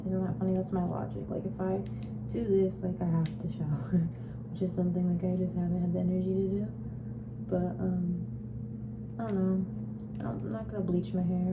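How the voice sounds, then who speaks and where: A young woman talking through a casual, rambling vlog update from her car, soft-spoken and close to tears at times. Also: mid-range voice, vocal fry, heavy background noise. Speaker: vlogger.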